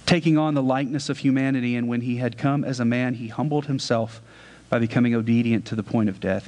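A man's voice: medium pitch, darkish tone. Man preaching in a reverberant hall. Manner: earnest preaching, talks to the congregation with questions. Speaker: pastor. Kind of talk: sermon.

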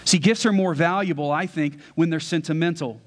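A male pastor preaching a sermon with earnest conviction, now and then asking the congregation questions. His voice sits a little higher than most men's. It rings out with a long echo through a large hall. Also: fairly quick.

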